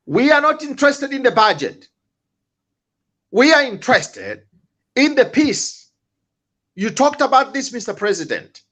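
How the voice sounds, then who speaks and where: A man's voice: very high voice, big pitch swings, unhurried, pauses often, fairly bright tone. A man speaking as a talk-show panelist, angry and impassioned, often repeating words and restarting. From Zambia.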